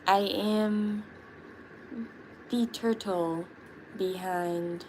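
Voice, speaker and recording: A woman voicing a fussy, protective male turtle director in a slow, deliberate, lowered voice. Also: fairly even intonation, darkish tone, slight background noise, rough recording. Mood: self-important.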